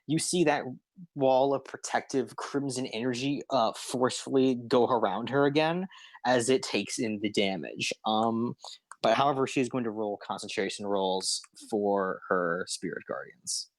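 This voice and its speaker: A man narrating a tabletop game as game master, unhurried and full of ums and uhs. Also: medium pitch, no echo.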